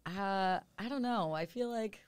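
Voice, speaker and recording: A woman's voice: mid-range voice, measured pace, smooth, no echo. A woman hosting a casual podcast chat, drinking and snacking, throwing out crude, joking quips and laughing often.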